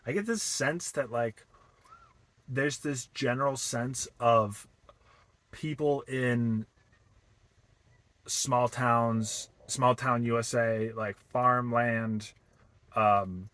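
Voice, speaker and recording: Slow, halting young man vlogging. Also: mid-range voice, fairly bright tone, no echo. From Boston. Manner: halting, many fillers and restarts. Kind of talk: casual reflective vlog.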